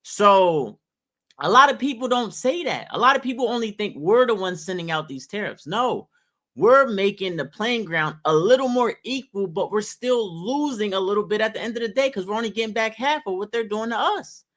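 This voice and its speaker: A man's voice: sits high, expressive, moderate pace, fairly bright tone. A man giving emphatic, preachy opinion commentary to his viewers, full of rhetorical questions.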